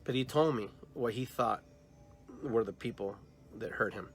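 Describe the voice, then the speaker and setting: A man's voice: medium pitch, normal speed, soft background music. A man hosting a podcast, telling a personal dream story and acting out both sides of the conversations. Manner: animated retelling, acts out both sides of dialogues; long trailing phrases with filler and restarts. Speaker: podcast host.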